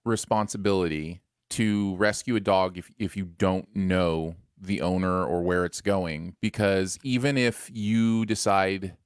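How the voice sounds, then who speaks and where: A man co-hosting a live morning show, relaxed and easygoing, reading viewer comments aloud. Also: low-pitched, measured pace, few pauses, clean tone, no room sound, clean studio sound. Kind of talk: casual live-stream chat.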